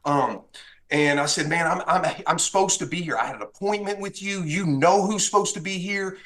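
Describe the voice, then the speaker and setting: A man's voice: high voice, normal speed. A man from Texas, a guest on a podcast, telling a story with feeling and acting out what was said. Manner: animated, acts out dialogue in the story. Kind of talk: casual storytelling.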